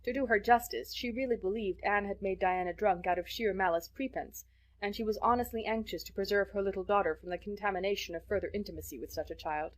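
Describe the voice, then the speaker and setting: A woman narrating a classic novel as an audiobook, measured and expressive. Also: medium pitch. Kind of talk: scripted narration.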